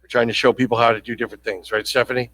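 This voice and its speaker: A man's voice: medium pitch, level tone, rapid-fire, fairly bright tone, rough recording. A man hosting a casual podcast, joking around and rambling with fillers and restarts. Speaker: podcast host.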